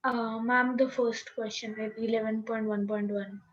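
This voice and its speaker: A woman's voice: fairly high pitch, level tone, moderate pace, dull audio. A young woman student, explaining politely and hesitantly in an online class. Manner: hesitant, full of fillers, polite.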